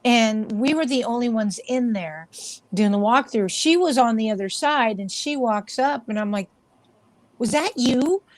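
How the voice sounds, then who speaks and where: In a relaxed interview, a paranormal investigator rambles through chatty stories, doing the voices of the people involved. Her voice is a little high, her pace moderate, and the recording dry.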